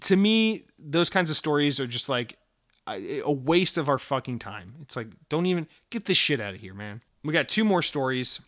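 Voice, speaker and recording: A man's voice: mid-range voice, big pitch swings, normal speed, a bit bright. A man hosting a gaming news podcast, ranting casually in a profane, sarcastic, exasperated way. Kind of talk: casual opinionated news rant.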